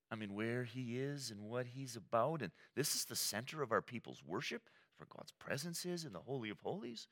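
A man preaching a sermon in a conversational, animated way, often acting out quoted lines. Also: medium pitch, normal speed, hardly any pauses. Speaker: pastor.

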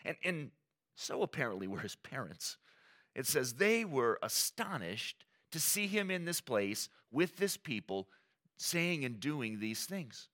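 Animated, bright-voiced male preacher. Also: mid-range voice, measured pace. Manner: animated, conversational preaching with quoted asides. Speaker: pastor. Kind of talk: sermon.

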